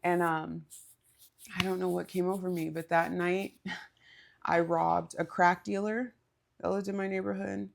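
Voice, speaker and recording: A woman's voice: on the low side, level tone, unhurried, gravelly, pauses often. A woman co-hosting a podcast, telling a story in a candid, casual way, swearing and laughing as she goes. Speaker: podcast co-host.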